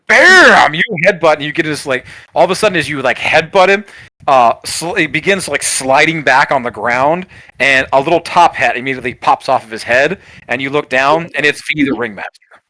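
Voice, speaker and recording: Bright-voiced man running a tabletop game. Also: a little high, brisk, no echo. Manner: loose and rambling, heavy with fillers. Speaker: game master.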